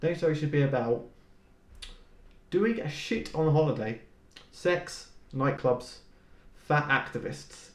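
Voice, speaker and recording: A man's voice: a little high, takes it slowly, long pauses. A man streaming a game, tossing in dry, mocking comments. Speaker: gameplay streamer. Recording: roomy echo.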